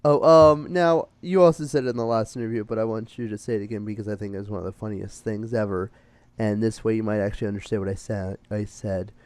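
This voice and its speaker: A man hosting a casual interview, chatty and quick to laugh. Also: fairly low pitch, fairly even intonation, a little mellow, dry recording. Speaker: interviewer host.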